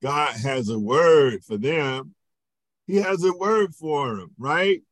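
A man, a pastor, teaching a Bible lesson in a slow, questioning way and often checking in with his listeners. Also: on the high side, animated, no echo.

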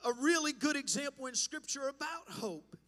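A man preaching a sermon in a church, impassioned and building to shouts over a slow, deliberate delivery. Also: extremely high pitch, animated, big-room sound. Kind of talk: pentecostal-style sermon. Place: church sanctuary.

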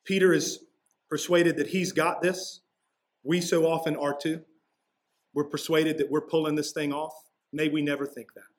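A man's voice: on the high side, flat delivery, moderate pace. A man preaching a sermon as pastor, walking through a passage in a casual, conversational way with slangy asides.

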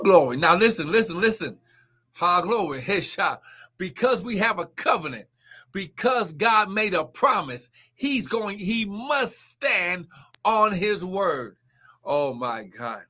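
A man preaching a live-streamed sermon and healing prayer, fervent, with shouted exclamations and bursts of speaking in tongues. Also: high-pitched, expressive, measured pace.

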